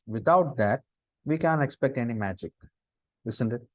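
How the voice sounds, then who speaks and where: A middle-aged man with an Indian English accent gives a lecture on interview skills. His voice sits in a middle pitch and swings up to stress key words, and he keeps firing rhetorical questions. The sound is dry and close, with no room echo. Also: expressive, normal speed. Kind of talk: lecture on interview body language.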